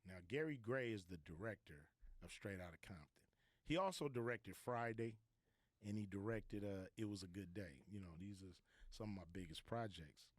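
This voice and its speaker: A man as a podcast guest, telling a story in a laid-back, slangy, animated way. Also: fairly low pitch, normal speed, no echo. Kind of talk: casual storytelling.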